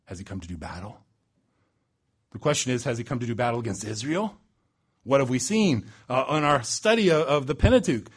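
A man preaching a sermon, building to loud emphatic peaks and dropping low and slow for weight. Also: very animated, slightly rough. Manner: dramatic swings in pitch and loudness, slows for emphasis.

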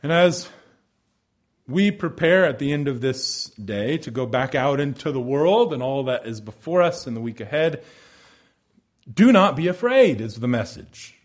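A man preaching a sermon, explaining scripture in an earnest, emphatic way that rises for stress and drops soft at the close of phrases. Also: mid-range voice, lively intonation, moderate pace. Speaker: pastor.

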